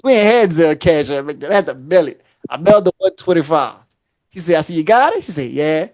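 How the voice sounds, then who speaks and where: A man's voice: on the high side, animated, fast talker, dry recording. A man co-hosting a podcast, spinning long stories in casual chat. He acts out every quote and laughs as he goes. His voice sits dry and close to the mic. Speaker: podcast co-host. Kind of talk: casual storytelling.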